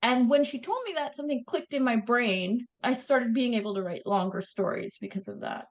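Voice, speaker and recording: Brief: Canadian woman, guest author, high bright voice, lively and laughing. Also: brisk, rough recording. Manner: animated, laughing storyteller. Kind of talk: casual interview chat.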